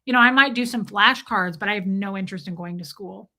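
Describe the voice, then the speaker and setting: A woman's voice: medium pitch, fast talker, bright, forceful tone. A woman hosting a casual livestream Q&A, candidly answering chat comments and thanking viewers by name. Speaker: livestream host.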